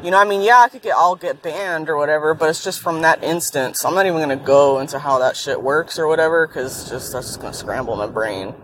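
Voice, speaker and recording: A worn-out woman vents in a blunt, profane, irritable ramble after a night without sleep. She talks from inside a moving car, with soft road noise beneath her voice. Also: low voice, brisk, few pauses. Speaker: vlogger. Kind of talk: casual rambling monologue. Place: in a car while driving. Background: faint road and vehicle noise.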